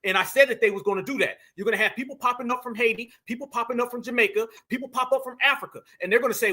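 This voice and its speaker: A man's voice: extremely high pitch, rapid-fire, hardly any pauses, bright, forceful tone. A man hosting heated reaction commentary, mocking and emphatic, talking straight to his viewers. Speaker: commentary host.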